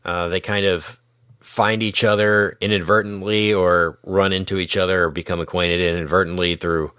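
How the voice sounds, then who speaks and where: Podcast co-host, male, very low voice, loose rambling delivery, dry close mic. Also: flat delivery, normal speed, fairly bright tone, smooth, no room sound. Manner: rambling, self-correcting, laughs often. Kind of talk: casual movie-review chat.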